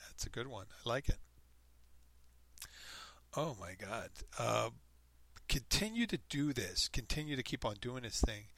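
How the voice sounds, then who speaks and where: A man reading a comic story aloud in a deadpan, playful way, acting out the quoted lines and adding his own remarks. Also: medium pitch, no echo. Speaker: reader of online posts.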